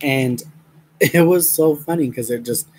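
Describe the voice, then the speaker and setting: A man's voice: mid-range voice, unhurried, darkish tone, slightly rough, low-quality recording. A young man chatting to his viewers while crafting, rambling with many fillers and frequent laughs, mentioning a headache. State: has a headache. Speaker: crafting vlogger.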